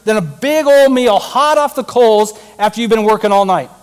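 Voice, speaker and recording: A man's voice: high-pitched, normal speed, smooth, big-room sound. A man preaching a storytelling sermon, acting out scenes and talking straight to the audience. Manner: animated, acts out scenes, talks to the audience.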